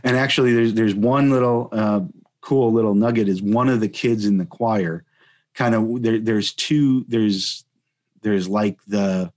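A man's voice: fairly low pitch, steady tone, unhurried, a little mellow. A man from Chicago hosting a casual podcast chat, rambling with many restarts. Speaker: podcast host.

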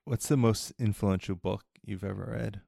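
Gravelly low-voiced male host. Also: normal speed, dark tone, dry recording, studio quality. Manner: affirming, steers the talk with questions. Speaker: podcast host. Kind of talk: casual interview.

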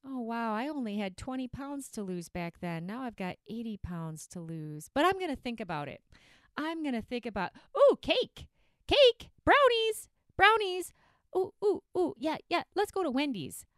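A woman's voice: a little high, sing-song, normal speed, no echo, clean studio sound. A woman voicing a self-pitying, procrastinating dieter who rambles and keeps getting distracted by food, in a comedic skit inside a podcast. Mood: dithering. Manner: rambling, procrastinating, easily sidetracked.

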